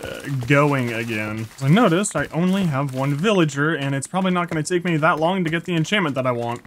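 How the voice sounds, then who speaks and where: A young man giving excitable, jokey commentary while playing a block-building game, full of exclamations. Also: medium pitch, fairly quick, hardly any pauses, slight background noise. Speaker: Minecraft YouTuber. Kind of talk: gameplay commentary.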